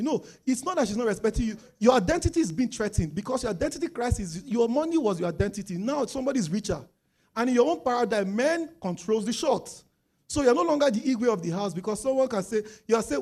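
Nigerian accent, man, preacher, fairly high voice, animated sermon, quoted voices. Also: brisk. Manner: lively, acts out quoted voices, rises to loud emphatic stretches.

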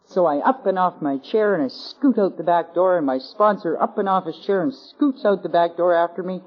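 A woman's voice: fairly low pitch, normal speed. A woman with a Canadian accent, giving a wry, self-mocking personal testimony to a convention audience, on an old tape. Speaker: speaker at a recovery convention. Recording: dull lo-fi 1980s convention tape.

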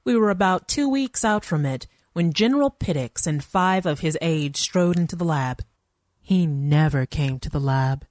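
A woman's voice: low-pitched, lively intonation, normal speed, darkish tone, no room sound, clean studio sound. A woman narrating a first-person story in a wry, conversational manner.

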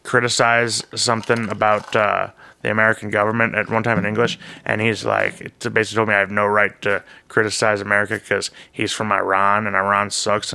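A young man with a gravelly, creaky voice and a bright, tense edge. He co-hosts a podcast in crude, joking banter and rambles along, tripping over restarts as he goes. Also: on the low side, fairly even intonation, brisk, few pauses. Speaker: podcast co-host.

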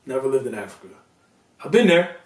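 A man's voice: mid-range voice, big pitch swings, a little fast, a little mellow, distant mic. Casual podcast co-host, male, ribs his partner in loose slang; mic set back in a roomy space. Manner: teasing, joking, loose slang. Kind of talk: casual banter.

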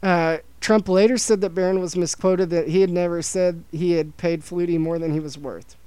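A man with a high, smooth, resonant voice hosts a casual podcast. He tells a story from his notes and drops dry jokes along the way. The sound is close and dry, with no room behind it. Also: fairly even intonation, normal speed, warm tone, no echo, low-quality recording. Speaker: podcast host presenting a story.

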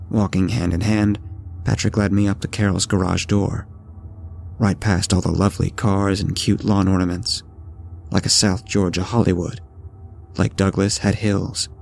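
A man narrating a first-person horror story at a measured, steady pace. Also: low-pitched, gravelly. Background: faint background music.

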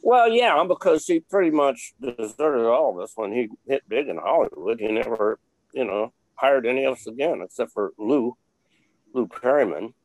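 A man's voice: medium pitch, animated, moderate pace, dry recording, low-quality recording. An older man, an interview guest, telling rambling stories with lots of fillers and blunt swearing. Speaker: interview guest, former film crew member. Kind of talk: casual interview storytelling.

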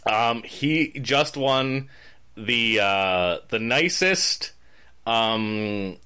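A man from Michigan co-hosting a casual podcast, playful and quick to laugh as he sets up silly scenes. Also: medium pitch, animated, bright, forceful tone, clear, resonant tone. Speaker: podcast co-host.

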